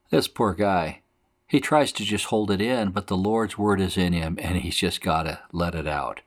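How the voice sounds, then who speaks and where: A man's voice: low-pitched, moderate pace. A man teaching a Bible passage verse by verse, explaining it in plain conversational terms. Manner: explains scripture conversationally, acts out quotes.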